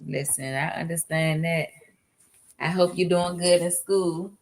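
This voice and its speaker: A woman co-hosts a casual online panel, cheering on a guest and joking with the host. Her voice sits a little low. She sounds easy and encouraging. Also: steady tone, unhurried. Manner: warm, encouraging, playful. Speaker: podcast co-host.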